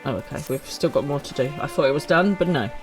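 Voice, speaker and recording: A woman's voice: sits low, quick pace, over music, low-quality recording. A woman, chatting casually while streaming a game, full of self-mocking asides. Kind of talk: live game streaming chat.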